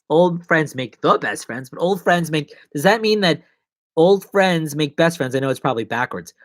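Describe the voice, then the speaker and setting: A man hosting a casual live stream, rambling and joking as he chats to viewers from his seat at home. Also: on the high side. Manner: rambling, playful and jokey. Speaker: livestream host. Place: seated at home.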